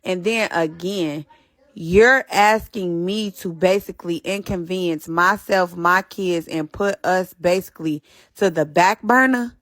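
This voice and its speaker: Female storyteller, low voice, frustrated and emphatic, dry recording. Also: measured pace, a bit bright, no room sound. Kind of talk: storytime recounting.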